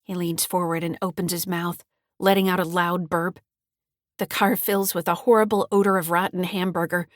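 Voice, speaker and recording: A woman author reading her own mystery thriller as an audiobook, telling it in a steady, clear way. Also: lowish voice, moderate pace, dry recording, studio quality. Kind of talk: scripted audiobook narration.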